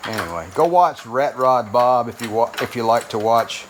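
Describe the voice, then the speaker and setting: A man's voice: mid-range voice, normal speed. Folksy man in a noisy garage. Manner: rambling, folksy, self-deprecating. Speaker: garage channel host. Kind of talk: casual workshop vlog narration. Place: home garage and driveway. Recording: noisy garage recording with clanking.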